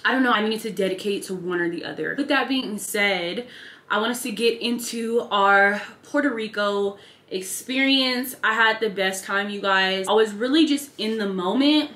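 Chatty bright-voiced young woman vlogger. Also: a little high, roomy sound. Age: 20s. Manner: chatty, upbeat, slangy. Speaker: lifestyle vlogger. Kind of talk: casual get-ready-with-me narration. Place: bedroom at a vanity.

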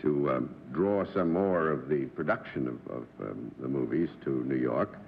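A man's voice: extremely low pitch, normal speed. A man hosting a live 1960s television panel game show, genial and chatty, laughing easily with his guests. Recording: dull 1960s TV broadcast audio with faint hiss.

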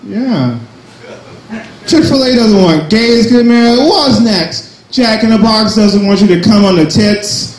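Brash high-voiced young comic in echoey room. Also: male voice, slow pace. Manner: brash, crude, self-mocking, jumpy asides. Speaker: stand-up comedian. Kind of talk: open mic stand-up set. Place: small cafe comedy night.

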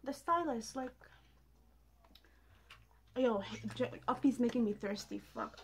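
High-pitched gushing young woman. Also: slow, a little hiss or hum. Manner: gushing, swearing, shrieking bursts. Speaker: reaction video host. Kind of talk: excited reaction commentary.

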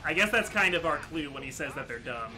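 A man hosting a let's play, commenting in an excitable, jokey, casual way. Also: fairly high pitch, fairly quick. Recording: loud game music underneath.

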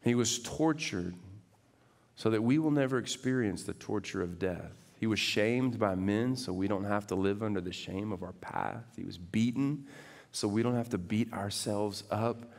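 Give me a man preaching a sermon, animated, shifting from loud to soft. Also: on the low side, moderate pace, gravelly, long reverb tail. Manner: animated, swings from loud to hushed. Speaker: pastor. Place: church sanctuary.

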